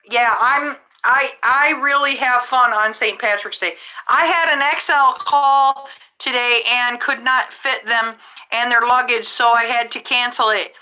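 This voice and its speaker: Middle-aged woman, podcast host, high and bright, slow, rambling casual chat. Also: poor audio. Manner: rambling, restarts mid-sentence, chatty. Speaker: rideshare driver and podcast host.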